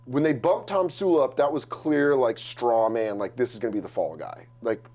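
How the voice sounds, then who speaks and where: A man chatting casually as a comedian guest on a podcast taped live, animated, laughing and slipping into voices. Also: medium pitch, moderate pace. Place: live podcast taping before an audience.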